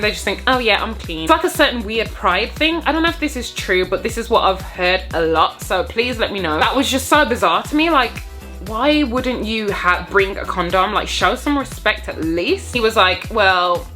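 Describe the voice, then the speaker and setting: A young woman telling a storytime straight to her viewers in a casual vlog, animated and jokey. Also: mid-range voice.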